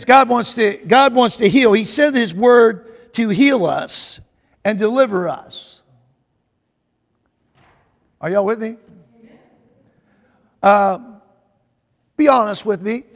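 A man preaching a sermon, often repeating phrases, calling out to his congregation for a response, and rising to shouts at the peaks. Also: high voice, slow pace, pauses often. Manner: rises to shouting at climaxes. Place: church sanctuary. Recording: long reverb of a large hall.

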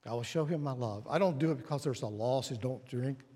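A man preaching a sermon at a church service, telling stories and dropping to hushed tones for emphasis. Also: mid-range voice, fast, breathy edge. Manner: storytelling, drops to hushed tones. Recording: long hall reverb.

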